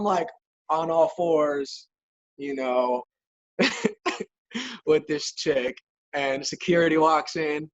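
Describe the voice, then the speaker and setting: A man's voice: a little high, lo-fi sound. A young man guest on a podcast, swearing and saying "like" constantly as he tells a wild story. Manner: loose, profane, heavy use of filler words; animated anecdote telling. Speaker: guest, hockey player and rapper. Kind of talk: casual storytelling in a podcast interview.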